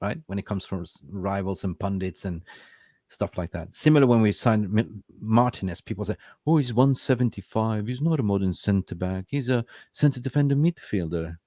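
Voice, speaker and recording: A man hosting a casual football talk show, excitable and blunt, swearing freely and tagging his points with "right?". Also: on the low side, moderate pace, dry recording, studio quality. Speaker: podcast host.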